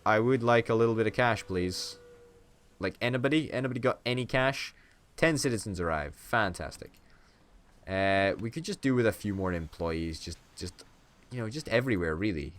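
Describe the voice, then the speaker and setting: A man's voice: lowish voice, moderate pace. A man giving playful, swearing let's-play commentary and hamming it up as a would-be dictator. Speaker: gaming YouTuber.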